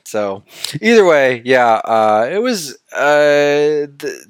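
A man's voice: fairly high pitch, sing-song, slow pace, clear, resonant tone, dry recording, clean studio sound. A man co-hosting a casual podcast about a video game, rambling and laughing easily as he talks. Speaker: podcast co-host.

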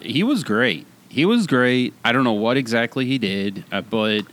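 A man's voice: mid-range voice, expressive, normal speed, fairly bright tone. Rambling, incredulous podcast man. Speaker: podcast co-host. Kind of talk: casual film-review chat.

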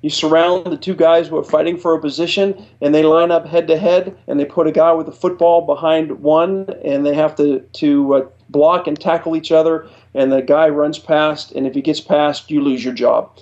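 A middle-aged man from Ohio answers interview questions as an earnest storyteller who often restarts his sentences. His voice sits a bit high for a man. The recording sounds dull and lo-fi. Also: steady tone, normal speed, hardly any pauses, darkish tone. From Ohio, USA. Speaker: guest, retired Air Force chief master sergeant.

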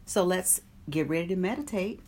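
In a very noisy recording, a woman with a fairly low voice speaks at normal speed. Hosting an online meditation group, she keeps the live-stream chat casual, greets viewers by name, and reads from an oracle card.

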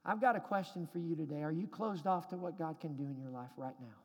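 A man preaching a sermon as a pastor, emphatic, building to loud shouted climaxes. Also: fairly high pitch, quick pace, long reverb tail.

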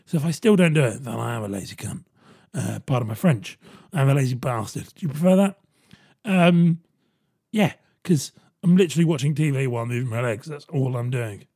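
A man's voice: medium pitch, lively intonation, brisk, darkish tone, slightly rough. A man hosting his own podcast in a rambling, sardonic monologue, swearing freely. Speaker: podcast host. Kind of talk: casual solo podcast monologue.

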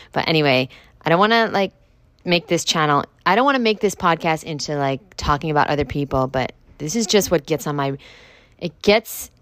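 A woman's voice: fairly low pitch, dry recording. Profane, rambling young woman podcaster. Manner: blunt, profane, lots of "like" fillers. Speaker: podcast host. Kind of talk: casual ranting monologue. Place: home with construction noise outside.

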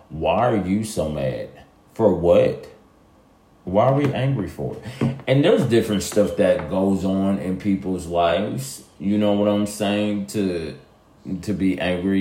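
Deep-voiced man rambling in an echoey room. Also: darkish tone. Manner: rambling, emphatic, repeats himself, slangy. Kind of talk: casual monologue to listeners.

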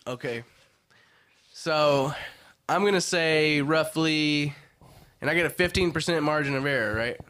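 Bright, joking man in casual chat. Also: a little high, unhurried, long pauses. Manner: joking, laughs a lot, swears. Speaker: quiz contestant.

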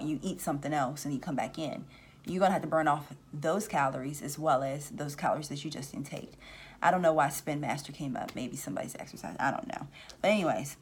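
In a low, slightly rough voice, a woman who works as a spiritual reader and hosts a channel leads a casual spiritual talk. She rambles and restarts, acting out the voices she claims to hear.

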